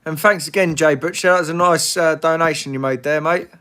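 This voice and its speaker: A man's voice: on the high side, steady tone, fairly quick, pushed and bright. A man hosting a casual live Q&A, blunt and swearing freely, laughing often. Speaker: livestream host.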